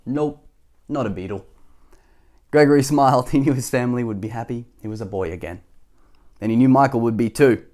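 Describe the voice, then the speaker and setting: A man reading a children's picture book aloud, gently, with chuckling asides. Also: mid-range voice.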